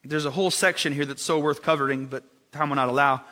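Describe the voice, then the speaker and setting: A man with a fairly high, bright voice delivers a sermon in a relaxed, conversational way. He keeps asking his listeners questions and mixes in light jokes. His voice rings out with a long reverb, as in a large hall. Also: fast talker. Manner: conversational, asks the congregation rhetorical questions; joking asides with laughter. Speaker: preacher.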